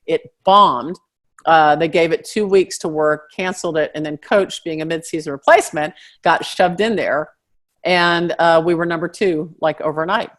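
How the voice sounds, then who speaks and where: A middle-aged comedian and actress with a slight Southern American accent tells stories at a moderate pace during a casual interview. She acts out other people's voices with big leaps in pitch.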